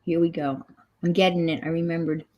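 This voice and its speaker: A woman's voice: lowish voice, flat delivery, fairly quick, lo-fi sound, noisy background. Chatty woman hosting a crafting stream. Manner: chatty, rambling. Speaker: crafting livestream host. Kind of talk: casual chat. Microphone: computer mic on a livestream.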